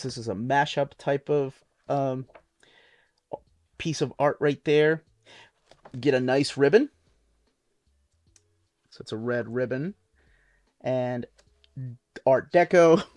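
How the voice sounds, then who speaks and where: A man's voice: medium pitch, no room sound. Enthusiastic man with a dry sound. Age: adult, watched reruns as a kid. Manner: enthusiastic, rambling with fillers. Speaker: book reviewer. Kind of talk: casual product overview.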